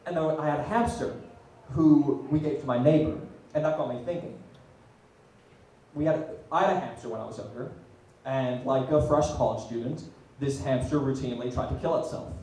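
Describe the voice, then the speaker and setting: A man's voice: mid-range voice, normal speed, recorded from a distance. Young male comic in an echoey room. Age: young adult. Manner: deadpan asides, loud punchlines. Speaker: student stand-up comic. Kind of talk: stand-up comedy set. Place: small comedy venue, audience laughing. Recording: very echoey room, heard from afar.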